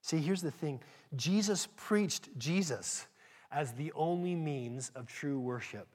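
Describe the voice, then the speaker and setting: A man preaching a sermon, speaking emphatically and directly to his congregation, swinging between loud emphasis and hushed asides. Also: a little high, animated, takes it slowly.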